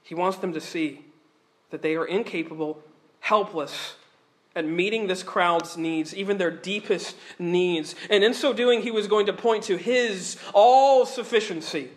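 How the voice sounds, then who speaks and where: A man delivers a sermon in a notably high voice. He preaches with animated earnestness and often doubles back on his words as he talks. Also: unhurried. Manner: animated, earnest preaching with frequent word repeats.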